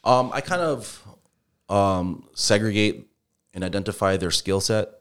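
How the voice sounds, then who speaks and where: Man, very deep voice, relaxed rambling talk, podcast guest, lots of fillers. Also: unhurried, clear, resonant tone. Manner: relaxed, rambling, heavy use of filler phrases. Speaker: guest, contractor. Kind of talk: casual podcast interview.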